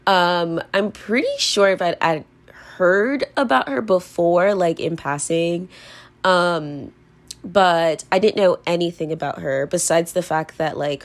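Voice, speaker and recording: A young woman, hosting a podcast from her bedroom in a casual, rambling way, full of fillers and self-mocking laughter. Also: lowish voice. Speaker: podcast host. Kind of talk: casual confessional monologue. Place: bedroom, at home.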